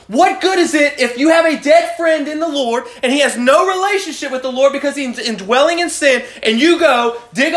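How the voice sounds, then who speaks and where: A man with an extremely high, somewhat bright voice preaches at a youth Bible study. The room echoes around his student group as he poses questions and calls on individuals by name.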